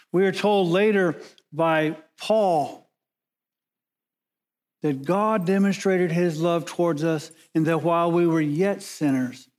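A man preaching a sermon as pastor, measured and emphatic, slowing down and pausing to stress key words. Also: on the high side, darkish tone.

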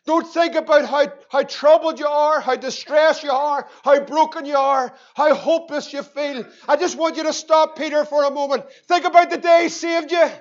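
A Northern Irish man preaching a sermon as pastor, impassioned and rising to shouts. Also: extremely high pitch, fairly even intonation, moderate pace, few pauses, muffled recording. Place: church.

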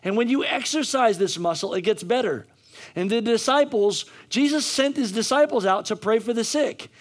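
A male pastor preaching a sermon in a notably high voice. He pushes his points hard, repeats lines for effect and stumbles into restarts as he goes. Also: moderate pace. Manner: emphatic, repetitive preaching with frequent restarts.

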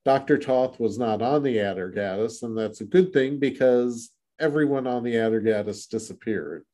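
A man co-hosting a relaxed book chat, his voice warm and dark in tone. He rambles through the story, with uh and restarts along the way, at a middling pitch. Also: normal speed. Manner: rambling, many restarts and fillers. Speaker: podcast co-host. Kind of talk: casual book discussion.

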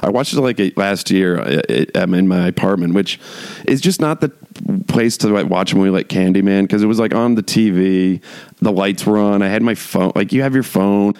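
A man's voice: low voice, normal speed, a little mellow, clean tone, dry recording. A man talking casually in a rambling way, full of "like" and restarts, with wry chuckling asides. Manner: rambling, heavy use of "like", frequent restarts. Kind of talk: casual monologue chat.

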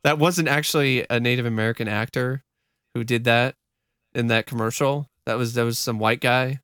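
Smooth-voiced man casually recapping. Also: mid-range voice, moderate pace, no echo, clean studio sound. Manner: laughs often, relaxed storytelling with joking asides. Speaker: podcast co-host. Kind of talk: casual podcast chat recapping a ghost show.

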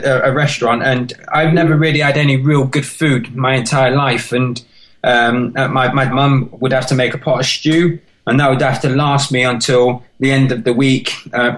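A British man, a podcast guest, telling his life story in an earnest, halting, emotional way. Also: medium pitch, fairly even intonation, rough recording. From United Kingdom. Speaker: podcast guest, marathon runner. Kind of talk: personal life story in an interview.

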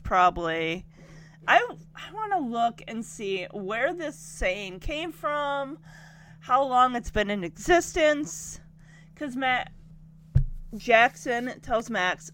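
A woman's voice: high voice, pushed and bright, a little hiss or hum. A woman giving a chatty, giggly recap of a TV episode, quoting the characters as she goes. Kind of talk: casual recap commentary.

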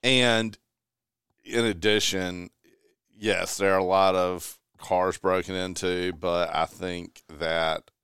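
A man, a guest on a radio talk show, chatting casually with wry, measured remarks. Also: sits low, flat delivery, fairly bright tone, clean tone, no echo, studio quality. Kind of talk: casual chat.

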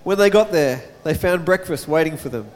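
A man's voice: a little high, expressive, a little fast, a little hiss or hum. A man preaching a sermon and reading scripture, chatting casually with his congregation between verses. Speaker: pastor. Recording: long hall reverb.

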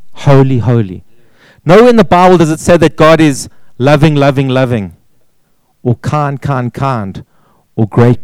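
A man's voice: mid-range voice, darkish tone, smooth, dry recording, low-quality recording. A man preaching a sermon, pressing points with repeated words and rhetorical questions. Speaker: pastor.

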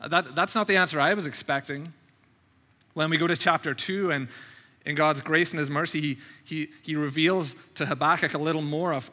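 A man with a very bright, fairly high voice gives a sermon as a visiting preacher. He talks in a chatty, storytelling way and often repeats his words as he goes. His voice rings out with a long reverb through the church sanctuary. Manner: conversational, anecdotal, repeats words. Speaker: guest preacher.

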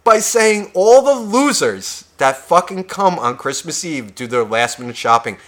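Profane, animated male storyteller. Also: on the high side, unhurried. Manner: animated, swears constantly, acts out other people's lines. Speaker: podcast co-host.

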